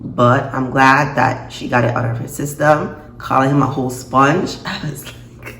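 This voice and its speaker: A woman reviewing a TV episode in a casual vlog, expressive and quick to laugh and gasp. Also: a bass voice. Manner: expressive, reacts with laughs and gasps. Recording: echoey room, faint noise.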